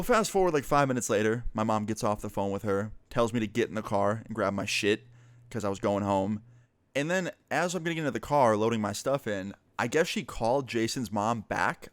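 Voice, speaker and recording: A man's voice: lowish voice, lively intonation, fairly quick, no room sound. A young man telling a personal story in a casual, rambling way, with swearing and fillers. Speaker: vlogger.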